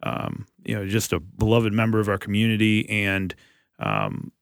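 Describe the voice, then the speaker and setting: A pastor in casual podcast conversation, speaking earnestly and haltingly with frequent restarts. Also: male voice, lowish voice, big pitch swings, vocal fry, no echo, studio quality.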